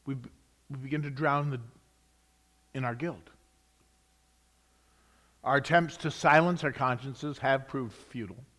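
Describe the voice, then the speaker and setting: Dramatic preacher man, loud then hushed. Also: medium pitch, measured pace, long pauses. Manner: dramatic shifts between loud emphasis and hushed whispers; reads scripture with rising emphasis on each "and". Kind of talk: sermon.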